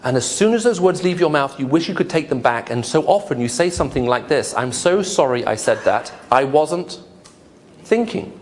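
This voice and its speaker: A man's voice: fairly high pitch, animated, moderate pace. A man giving a humorous lecture to an audience, asking rhetorical questions. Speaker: lecturer on apologetics. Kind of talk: lively lecture to a live audience.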